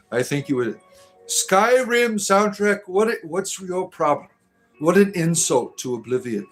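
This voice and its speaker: A man hosting a livestream, reading chat aloud and answering with crude, sarcastic humor and preachy rants. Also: mid-range voice.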